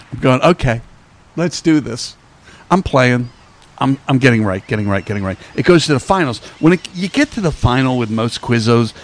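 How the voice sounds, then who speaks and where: A man telling a funny travel story in casual chat, laughing often and restarting his sentences. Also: mid-range voice. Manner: animated, laughing, lots of restarts.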